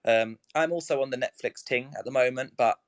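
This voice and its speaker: Young male guest, middle pitch, dry close sound, rambling chatty delivery. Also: a little fast, no room sound. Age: young adult. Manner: rambling, full of fillers and restarts. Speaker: snooker professional guest. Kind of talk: casual live chat.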